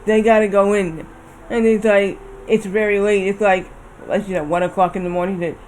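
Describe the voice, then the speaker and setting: A man's voice: sits high, level tone, normal speed, darkish tone, a little hiss or hum, rough recording. A man streaming a game, chatting casually and telling a long rambling story that circles back on itself. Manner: rambling storyteller, repeats himself. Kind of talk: casual chat while gaming.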